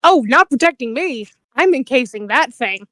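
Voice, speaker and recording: A woman's voice: high voice, animated, moderate pace, fairly bright tone. A woman playing a tabletop game, chatting casually in a cheeky, confident and giggly way. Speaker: player.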